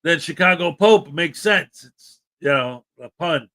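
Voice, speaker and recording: A man with a bright, forceful voice pitched a little high hosts a casual live stream. He rambles loosely from one thought to the next, laughs often and lets his sentences trail off. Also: expressive, a little slow. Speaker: host.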